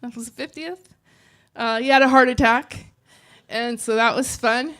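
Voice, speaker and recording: A woman giving a eulogy for her father, speaking softly and hesitantly, close to tears. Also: on the high side, steady tone, moderate pace. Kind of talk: memorial speech.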